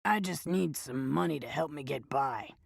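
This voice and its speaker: A woman voicing a gaunt old man, a wheedling drifter who talks in a raspy drawl, in an audiobook. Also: sits low, moderate pace, dry recording, clean studio sound, heavily acted.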